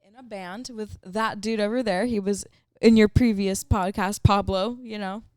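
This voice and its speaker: A woman's voice: medium pitch, fairly even intonation, normal speed, darkish tone, clean tone, no room sound, studio quality. A young woman, a metal singer guesting on a podcast, chatting casually with many fillers.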